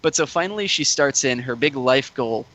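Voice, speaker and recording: Forceful, bright-voiced man telling stories. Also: medium pitch, normal speed. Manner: animated, heavy use of "like", swears freely, acts out quoted voices. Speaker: podcast co-host telling a dating story. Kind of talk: casual storytelling chat.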